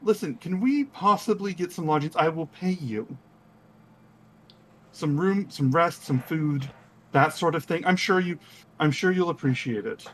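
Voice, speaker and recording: A man's voice: fairly high pitch, unhurried, pitched above the performer's own voice, natural voice. A man voicing Quinn, a weary male traveler who pleads in a friendly way. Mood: pleading.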